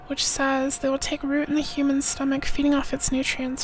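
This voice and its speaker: A young woman streaming a game, reading text aloud, giggling and thinking out loud. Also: high voice, steady tone, normal speed, few pauses, soft background music. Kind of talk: live game stream commentary.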